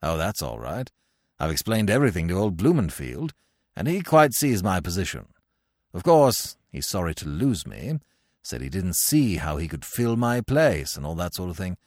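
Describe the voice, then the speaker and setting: A man's voice: low voice, big pitch swings, moderate pace, no echo, pitched below the performer's own voice. Young english toff, plummy drawl, dry close sound, a male narrator plays him. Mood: chummy. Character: foolish young English toff, cheerful and huffy.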